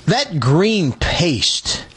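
A man hosting a radio show, chatting and telling a joke in an animated, storytelling way. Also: a little high, very slow, slightly rough.

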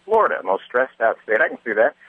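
A man's voice: medium pitch, sing-song, fast talker, dry recording, narrow, tinny audio. A man hosting a comedy radio segment, chatting casually, telling stories and trading self-deprecating jokes from a studio. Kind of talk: casual radio banter and storytelling.

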